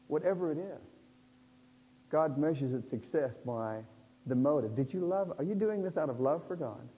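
Animated man preaching in a reverberant hall. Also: on the high side, breathy edge. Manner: animated, acts out the people in the text. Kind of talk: sermon. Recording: dull lo-fi sound in a reverberant hall.

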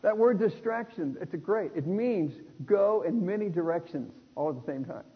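Animated man preaching in a reverberant hall. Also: sits high, moderate pace, husky. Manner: animated, acts out the people in the text. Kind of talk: sermon. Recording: dull lo-fi sound in a reverberant hall.

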